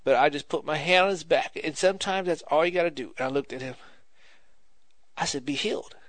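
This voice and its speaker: A man's voice: on the high side, brisk, fairly bright tone, dry recording. Man preaching an informal testimony. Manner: conversational, repeats phrases for emphasis, ends in prayer.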